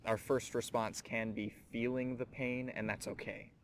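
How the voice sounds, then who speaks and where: A man's voice: mid-range voice, flat delivery, moderate pace, slight background noise. A man hosting a scripture teaching show, speaking earnestly and reflectively, addressing the listener directly. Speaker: host of a Bible teaching show.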